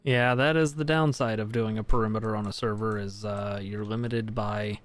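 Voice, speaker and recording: A man's voice: lowish voice, moderate pace. A man casually chatting with teammates while playing a building game, musing aloud as he mines and sorts. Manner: relaxed, musing, talks to teammates while mining. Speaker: gaming streamer. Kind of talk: casual gameplay chat.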